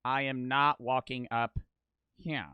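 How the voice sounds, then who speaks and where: A man's voice: medium pitch, flat delivery, takes it slowly, clean tone, no room sound, muffled recording. A young man streaming a casual reaction to a video, blunt and profane, often laughing.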